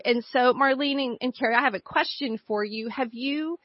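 A woman hosting a faith talk show, speaking gently and posing questions to her co-hosts with soft restarts. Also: high-pitched, moderate pace, hardly any pauses, no echo. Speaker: podcast host. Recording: slightly muffled dry audio.

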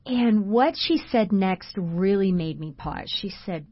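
A woman's voice: mid-range voice, expressive, measured pace, few pauses, highs cut off. A woman co-hosting a Christian radio talk show in a studio, telling stories about friends in an earnest way with frequent fillers. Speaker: radio show co-host and coach. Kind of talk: faith-based radio talk.

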